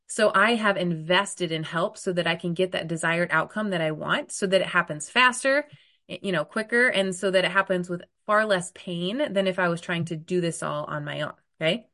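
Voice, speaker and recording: Lady coach in her 30s talking straight to her group, bit of a cold, keeps saying okay?, voice on the low side. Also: pushed and bright. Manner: direct, emphatic, frequent "okay?" check-ins. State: getting over a cold, occasional cough. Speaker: weight loss coach. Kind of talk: coaching talk to an online group.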